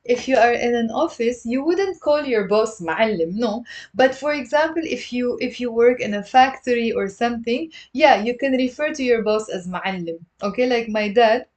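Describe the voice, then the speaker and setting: A woman with a Lebanese accent teaching an online Arabic lesson, repeating words slowly and chatting with viewers. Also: a little high, lively intonation. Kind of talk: live online language lesson.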